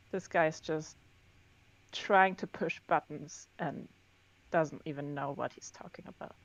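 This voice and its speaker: Low, gravelly-voiced woman player, slow, slightly dull sound. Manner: hesitant, filler-heavy. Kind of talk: casual role-play.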